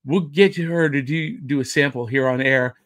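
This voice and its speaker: A man's voice: mid-range voice, moderate pace, a bit bright. A man hosting a pop culture podcast, with jokey, upbeat showman patter. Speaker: podcast host. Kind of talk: casual podcast chat.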